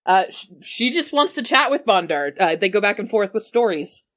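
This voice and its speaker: A woman's voice: medium pitch, expressive, moderate pace, a bit bright. A woman playing a character in a tabletop game, laid-back and dry, with a wry sense of humor. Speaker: player.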